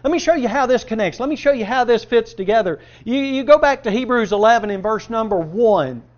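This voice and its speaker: A man preaching a sermon, firing rhetorical questions at the congregation and answering them himself, swinging between loud emphasis and quiet asides. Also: very high voice, animated, a little fast. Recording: dull lo-fi sermon recording.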